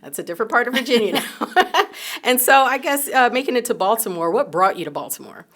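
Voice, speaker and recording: A woman's voice: fairly high pitch, expressive, fairly quick, a bit bright. A woman from Jersey City interviewing a guest in a TV news studio, conversational, with short affirmations and fillers. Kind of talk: broadcast interview.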